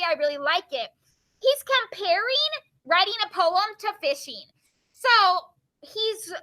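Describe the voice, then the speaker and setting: A woman teacher reading poems aloud to her class and quizzing her students with quick questions. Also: very high voice, bright, forceful tone.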